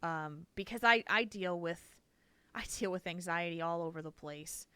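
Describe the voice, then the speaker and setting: A woman co-hosting a chat podcast tells personal stories in an animated, emotional way and laughs easily. Her voice is bright and smooth. The recording is close and dry. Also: on the low side, normal speed, no echo. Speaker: podcast co-host. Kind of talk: casual chat.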